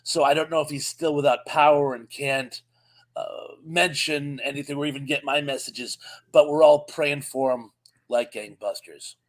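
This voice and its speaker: Southern guy cohosting a live stream, kinda high voice, reads chat hellos, friendly and chatty. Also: normal speed.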